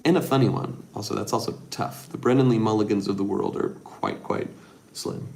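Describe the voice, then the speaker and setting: A middle-aged man hosting a casual livestream, reading viewer comments and rambling softly with lots of fillers. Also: on the low side, brisk, creaky. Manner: rambling, soft-spoken, with many fillers. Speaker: livestream host.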